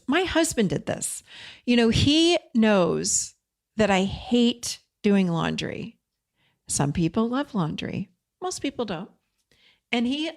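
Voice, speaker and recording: A woman hosting a podcast, talking in a casual, direct teaching monologue and acting out bits of dialogue as she goes. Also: medium pitch. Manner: conversational and direct, acts out quoted dialogue. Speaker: podcast host.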